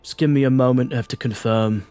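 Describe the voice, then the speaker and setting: A man's voice: mid-range voice, fairly even intonation, quick pace, dark tone, faint music behind, pitched above the performer's own voice, natural voice. A man voicing a dutiful, formal male town guard with a clipped manner.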